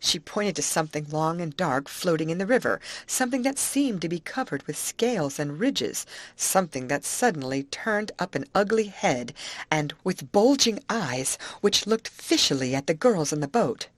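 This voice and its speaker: A woman reading an adventure audiobook with expressive storytelling. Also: fairly low pitch, normal speed, no echo. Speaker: audiobook narrator.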